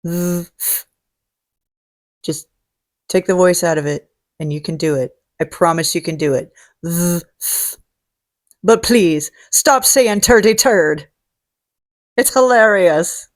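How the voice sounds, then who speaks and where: Woman, host, casual chat, salty humor, swears a lot, lowish pitch. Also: measured pace. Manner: salty, jokey, swears freely.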